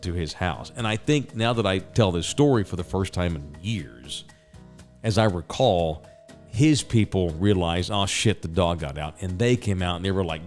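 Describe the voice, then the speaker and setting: A man's voice: sits low, darkish tone. A middle-aged man telling a story as a host, casual, rambling and profane, with sound effects.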